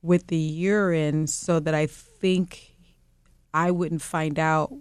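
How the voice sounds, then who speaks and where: A woman guest in a casual interview, telling an animated story and laughing often. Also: low voice, takes it slowly, clear, resonant tone, no echo.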